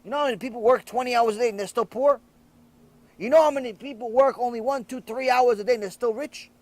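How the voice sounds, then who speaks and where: A rabbi delivering a lecture, acting out the voices in a teaching story with lots of swing in his delivery. His voice sits high for a man, and the sound is close and dry, with no room echo. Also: brisk. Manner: animated storyteller acting out dialogue.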